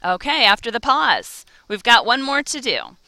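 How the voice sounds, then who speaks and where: A woman's voice: fairly high pitch, very animated, normal speed, pushed and bright, dry recording. A woman teaching a Spanish lesson, encouraging and carefully over-articulating each vowel. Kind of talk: slow, clear language lesson.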